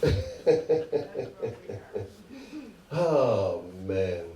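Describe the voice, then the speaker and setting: A man's voice: sits high, expressive, moderate pace, very noisy. A young man performing a loose, conversational stand-up set who laughs at his own jokes. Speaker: stand-up comedian. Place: comedy club stage. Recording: echoey live room, mic heard from a distance, crowd laughing. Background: audience laughter.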